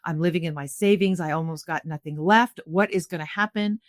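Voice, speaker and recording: A middle-aged woman from Canada recounts a personal story as a podcast guest, speaking in a slightly low voice. Her telling is earnest and animated, full of restarts. The sound is dry and close. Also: a little fast, dry recording. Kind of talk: conversational storytelling.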